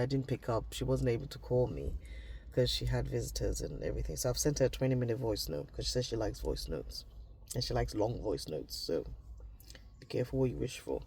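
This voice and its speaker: A man's voice: medium pitch, vocal fry, warm tone, slightly rough. A man from Nigeria, talking through personal reflections in a casual diary vlog, often trailing off and restarting his thoughts. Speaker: vlogger.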